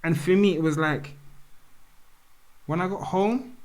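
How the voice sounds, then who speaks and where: A man's voice: high-pitched, a little slow. Candid man telling a story. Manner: candid, slangy, acts out dialogue in quoted speech. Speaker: podcast guest. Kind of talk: casual storytelling conversation.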